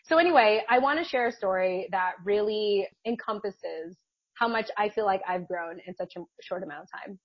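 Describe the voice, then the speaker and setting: A chatty woman co-host tells a personal story in a slightly husky voice, laughing often. The sound is dull and dry, as if from a muffled mic in a small room. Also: mid-range voice, moderate pace, dry recording. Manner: chatty, laughs often, many fillers and restarts. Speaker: podcast co-host. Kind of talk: casual storytelling chat.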